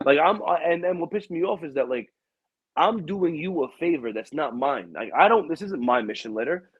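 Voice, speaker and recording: A man's voice: normal speed, husky, dry recording, phone-quality sound. A young man hosting a podcast, telling a profane story in casual chat and acting out other people's lines with a raised voice. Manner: animated, profane, acts out quotes with raised pitch. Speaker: podcast host.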